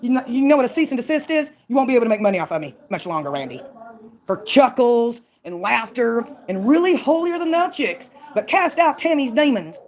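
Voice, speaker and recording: A woman's voice: on the high side, big pitch swings, brisk, a little mellow. A woman from Mississippi, ranting on her own channel in a combative, mocking way. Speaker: channel owner. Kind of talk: ranting call-out vlog.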